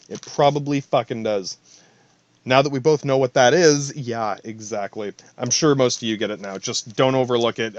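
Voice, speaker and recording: A man's voice: mid-range voice, no echo, lo-fi sound. A man hosting a podcast alone, rambling in a profane, stream-of-thought monologue full of asides. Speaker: podcast host.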